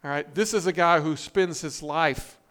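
A man's voice: a little high, moderate pace, a bit bright. A man preaching a sermon, reading scripture and quotes with emphatic, rising stress and frequent restarts. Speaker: pastor.

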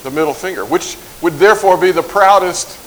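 A man teaching a Bible verse to a live group, light-hearted and joking, drawing out lists slowly as he recites. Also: high-pitched, a little hiss or hum, rough recording. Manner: light-hearted, jokes and chuckles; slow, drawn-out recitation of lists. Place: in front of a group in a room.

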